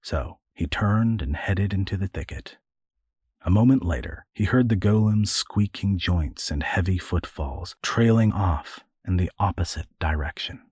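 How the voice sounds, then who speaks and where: A man with a very low, husky voice reads an adventure story. His pitch rises and falls widely to follow the action, and the recording is close and dry with no room sound. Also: a little mellow, no room sound. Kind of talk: audiobook narration.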